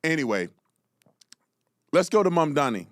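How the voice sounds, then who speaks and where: A man hosting an opinionated commentary show, talking in an animated, slangy way and repeating words as he starts a thought. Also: fairly high pitch, moderate pace, no room sound, studio quality. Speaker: host.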